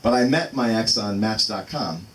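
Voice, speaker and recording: A man in his thirties with a lowish voice does open mic stand-up at a small venue at a moderate pace, rambling and cutting himself off with fillers. The mic is distant and room noise is loud.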